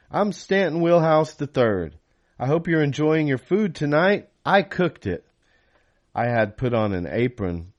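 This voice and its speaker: A man's voice: on the low side, darkish tone, muffled recording. A man reading his own novel aloud in first person, then chatting casually to close the episode. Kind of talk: audiobook reading.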